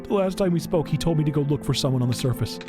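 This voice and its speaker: A man's voice: a little high, rapid-fire, music in the background, close to an everyday voice. A man doing an eager little child hero. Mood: earnest. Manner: eager, worried, pleading. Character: small earnest child hero.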